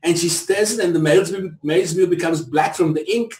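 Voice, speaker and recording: South African man, middle-aged, high-pitched, preacherly build to emphatic peaks, echoey room. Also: moderate pace, darkish tone. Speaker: interview guest. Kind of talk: impassioned storytelling.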